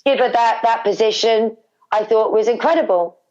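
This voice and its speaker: A woman's voice: on the high side, normal speed. Emotional middle-aged British woman storyteller. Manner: animated, repeats words for emphasis. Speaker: guest, wrestler's mother. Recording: slightly dull lo-fi recording.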